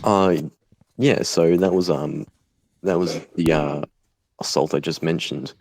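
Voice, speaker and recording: A young Australian man speaking bluntly in an interview, swearing freely and pausing often with fillers. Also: sits low, steady tone, a little mellow, no echo. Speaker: guest, volunteer fighter. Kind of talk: casual conversational interview.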